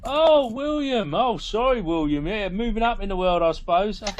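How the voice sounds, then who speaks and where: A man's voice: sits high, lively intonation, moderate pace, slight background noise, voice pushed up. A man voicing a streetwise man in a tabletop role-play, chummy and conspiratorial. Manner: chummy, conspiratorial, keeps saying mate. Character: streetwise burly man, chatty Cockney geezer.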